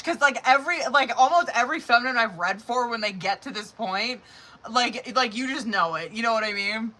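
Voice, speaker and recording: A woman's voice: fairly high pitch, moderate pace, sharp tone, a little hiss or hum. Chatty, profane woman reading tarot live. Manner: chatty and profane, laughing often. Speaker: tarot reader.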